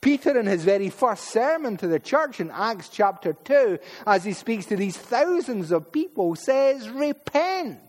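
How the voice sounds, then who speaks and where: A Scottish man preaching in church, his voice sitting high for a man. He is emphatic, often repeating words and slipping into asides. A long reverb trails off every phrase. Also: sing-song, normal speed, few pauses, a little mellow. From Paisley, Scotland. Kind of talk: sermon.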